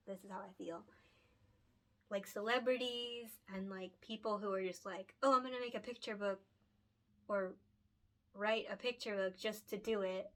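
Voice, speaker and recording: A woman's voice: mid-range voice, fairly bright tone. A young woman chats alone about making picture books, her voice in an ordinary middle range. She talks loosely, with lots of "like" and "you know", and turns tender and earnest as she speaks. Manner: heartfelt and emotional, lots of fillers, laughs often. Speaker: picture book author and illustrator. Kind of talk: casual solo chat to camera.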